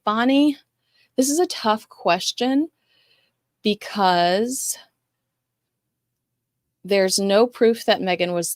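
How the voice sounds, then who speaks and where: A woman's voice: on the low side, no echo. Chatty woman host, dry sound. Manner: chatty, rambling, reacts to viewer comments. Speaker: show host reading live chat. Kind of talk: casual livestream chat.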